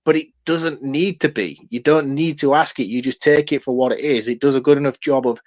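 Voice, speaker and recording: A man co-hosting a casual film-review podcast, excitable and swearing freely in long runs. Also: medium pitch, a little fast. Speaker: podcast co-host.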